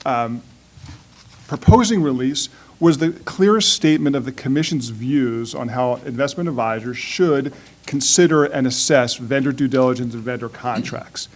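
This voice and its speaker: A man speaking as outside counsel on a conference panel, talking through legal points conversationally with rhetorical questions and frequent restarts. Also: medium pitch. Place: conference breakout room.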